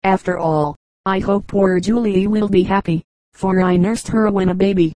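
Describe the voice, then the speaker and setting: A woman's voice: mid-range voice, fairly even intonation, moderate pace, dark tone, dry recording, close to an everyday voice. Woman reading a snobbish, catty matron. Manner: snobbish, disparaging.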